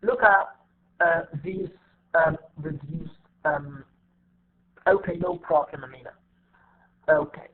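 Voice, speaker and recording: Over a tinny connection, a high-voiced male English teacher, a native Arabic speaker, delivers an online lecture. He goes slowly and pauses often, repeating himself and explaining each step with many fillers.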